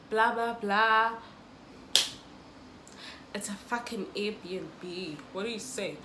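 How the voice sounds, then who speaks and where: A woman's voice: a little high, unhurried, a bit bright, echoey room, slight background noise. A young South African woman telling a dramatic storytime to her viewers. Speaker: YouTuber. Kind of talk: storytime vlog.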